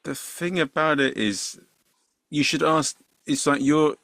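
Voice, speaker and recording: A man hosting an interview podcast, thinking aloud in halting, searching phrases. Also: fairly high pitch, vocal fry, a bit bright, no echo. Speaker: podcast host. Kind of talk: interview chat.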